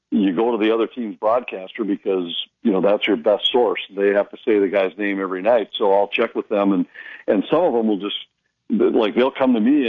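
A hockey broadcaster talks shop on the radio, spinning stories and perking up whenever he quotes someone. His voice is a bit husky and the studio sound is dry and slightly dull. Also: lowish voice, dry recording. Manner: storytelling, animated when quoting people. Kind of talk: casual radio chat.

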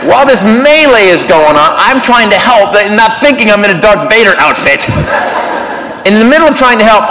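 A middle-aged man doing stand-up, telling a story in an animated way and shouting the punchlines while acting out voices. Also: high-pitched, background noise. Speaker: stand-up comedian. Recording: live club with loud crowd laughter.

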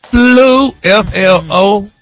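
A man's voice: high voice, very slow, a bit bright, faint music behind. A man, a morning radio show regular, talking in a flamboyant, laughing way. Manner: flamboyant, laughing, struggles over pronunciation. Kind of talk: comic radio banter.

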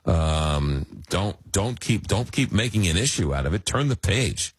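A middle-aged man from Long Island hosting a radio talk show, telling stories in a rambling, animated way. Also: low voice, unhurried, husky, no echo. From Long Island, New York. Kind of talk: casual radio chat.

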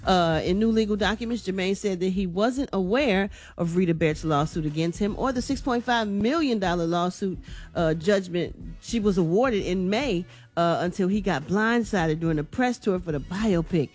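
A woman's voice: medium pitch, normal speed. A woman hosting an entertainment news segment on a morning radio show, chatty and folksy. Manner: chatty, animated, folksy asides.

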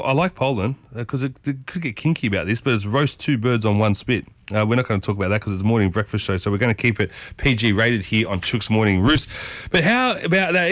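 A man's voice: medium pitch, fairly bright tone, no room sound. Chatty radio breakfast host, man. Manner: chatty, repeats "I'll tell you what", addresses listeners as folks. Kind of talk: casual radio monologue. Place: radio studio. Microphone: studio microphone.

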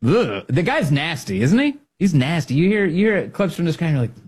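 A man's voice: a little high, sing-song, darkish tone, husky. A man hosting a political podcast, talking casually and mockingly with frequent laughs. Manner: mocking, laughs often, quick asides.

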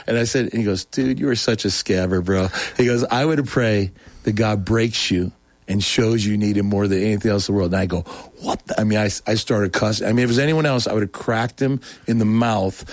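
A man telling his personal story in a casual, animated way, acting out quoted dialogue with many restarts. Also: fairly low pitch, fairly quick, no echo.

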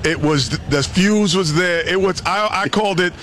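A man's voice: sits high, moderate pace, a bit bright, a little hiss or hum. A man in a sports debate, speaking emphatically and repeating himself for effect.

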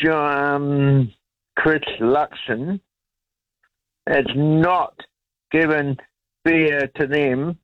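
A New man calling into talkback, speaking slowly and rambling through an indignant complaint. His voice comes through dull and muffled, with a dry, close sound. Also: medium pitch, dry recording. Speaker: radio caller. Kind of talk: phone-in chat.

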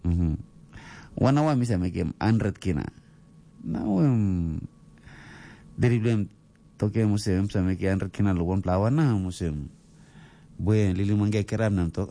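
A man's voice: fairly low pitch, moderate pace, creaky, pauses often, warm tone. A man with a Papua New Guinean accent, a radio DJ telling a story in a rambling, casual way full of fillers.

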